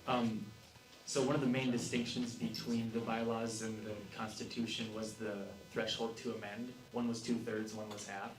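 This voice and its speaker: A man's voice: fairly low pitch, flat delivery, moderate pace, slight background noise. A man chairing a convention session, asking brief procedural questions. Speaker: meeting chair. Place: convention hall. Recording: echoey hall, distant mic, music behind.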